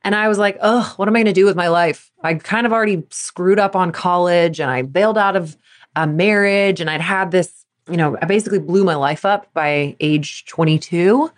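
A woman's voice: on the low side, normal speed. A woman in her thirties hosting a solo podcast, talking candidly to sports parents and acting out her younger self in quotes. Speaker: podcast host, performance coach.

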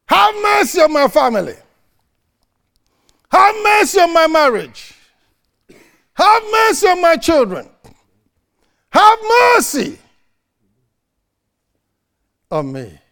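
A man acting out a desperate blind male beggar who shouts and pleads for mercy. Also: extremely high pitch, huge pitch swings, takes it slowly, vocal fry, pauses often, pitched above the performer's own voice, heavily acted. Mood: pleading.

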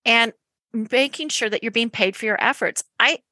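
Bright, chatty Canadian woman on a webinar. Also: on the high side, normal speed, no echo. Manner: animated, chatty, laughs often. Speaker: accounting practice owner, webinar guest. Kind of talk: webinar panel talk.

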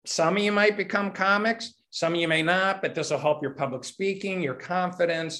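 A man's voice: high voice, a little fast, bright, forceful tone. A comedy writer and stand-up comic answering interview questions in a long-winded, rambling way, often restarting his sentences.

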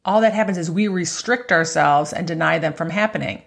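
A woman with a slightly low voice talks golfers through their emotions like a coach. She keeps it chatty, checks in with a quick "right?" and laughs often. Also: creaky. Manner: acts out inner voices in quotes. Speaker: golf mental coach. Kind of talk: conversational motivational talk.

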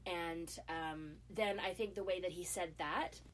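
Unhurried and fairly low-voiced, this middle-aged talk show guest recounts a story in a lively, casual way. Her telling is full of fillers, and she often restarts.

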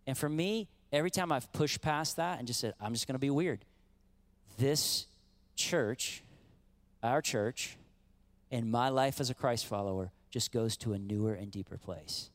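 A middle-aged man preaching a sermon as pastor, animated and conversational, acting out quotes and calling on the congregation. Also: medium pitch, a little slow.

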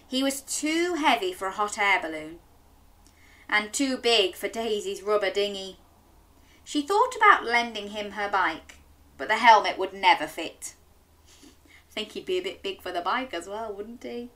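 A woman's voice: mid-range voice, lively intonation, moderate pace, a bit bright. A woman reading an interactive story aloud to young children, coaxing them to join in with sing-song questions.

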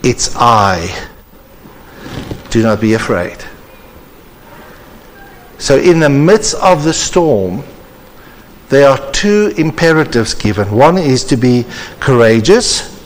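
A man delivering a sermon with earnest, measured preacherly emphasis at a conference. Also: mid-range voice, very animated, slight background noise. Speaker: conference speaker. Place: church hall. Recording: reverberant church hall.

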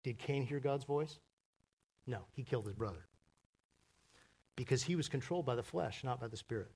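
A man preaching a sermon as pastor, animated and acting out the people in his stories. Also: medium pitch, fairly quick. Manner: animated, acts out biblical characters in voices.

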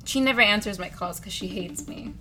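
A woman's voice: mid-range voice, a little fast, very noisy. A woman hosting a podcast in casual, giggly chat, a little tipsy and playful. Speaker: podcast host. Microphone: remote call.

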